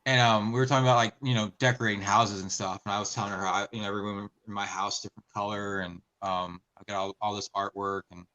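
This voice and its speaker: A man in casual podcast chat, telling personal stories in an earnest, halting way. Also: fairly low pitch, steady tone, sharp tone, poor audio. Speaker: podcast co-host.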